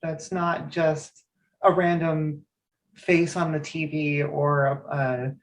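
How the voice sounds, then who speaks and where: A woman's voice: deep voice, flat delivery, slow pace. A woman in her thirties from Eastern Oregon, a guest in a casual interview, speaking earnestly and restarting her sentences.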